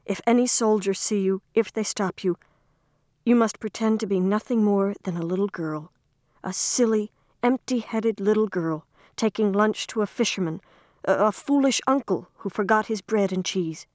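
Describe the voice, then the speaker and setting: A woman's voice: mid-range voice, normal speed, darkish tone, dry recording, clean studio sound, natural voice. A woman playing a tense, firm mother. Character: tense, worried mother giving firm orders.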